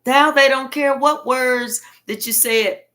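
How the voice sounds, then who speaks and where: A woman's voice: sits high, takes it slowly, sharp tone. A woman giving a casual tarot reading in a blunt, colloquial manner with frequent cursing. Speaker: tarot reader.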